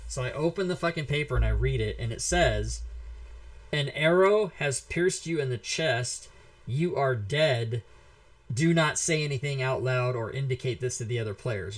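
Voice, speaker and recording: A man in his forties hosting a casual talk show, telling stories in an animated, profane way. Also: mid-range voice. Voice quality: animated, profane, shouts when reenacting. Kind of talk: casual storytelling and giveaway.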